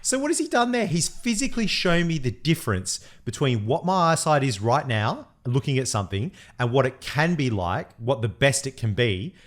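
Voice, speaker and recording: A man co-hosting a podcast, telling stories in a lively, casual way and swearing freely. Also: medium pitch, moderate pace, few pauses. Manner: animated storyteller, swears casually. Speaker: podcast co-host.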